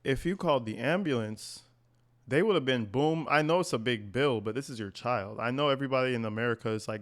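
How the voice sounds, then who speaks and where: A man's voice: medium pitch, fairly quick. Guy ranting on his commentary channel, cursing a lot, blunt and fired up. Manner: blunt, profane, animated ranting. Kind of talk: reaction commentary.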